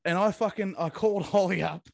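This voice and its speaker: An Australian man telling stories in casual chat, animated and swearing freely as a co-host. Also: sits high, fairly quick, vocal fry, no room sound, studio quality. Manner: heavy swearing, animated storytelling. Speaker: podcast co-host.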